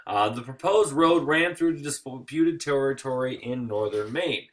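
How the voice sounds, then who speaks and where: Tired, wisecracking teacher, mid-pitched man, talking over lecture slides. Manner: joking, acts out quick voices. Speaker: history teacher.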